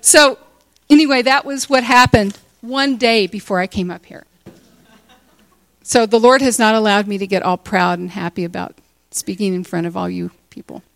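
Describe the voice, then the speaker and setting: A woman in her sixties telling a personal story to a church gathering, animated and often laughing. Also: mid-range voice, moderate pace, vocal fry, dry recording. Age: 60s. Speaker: teacher speaking at a church retreat.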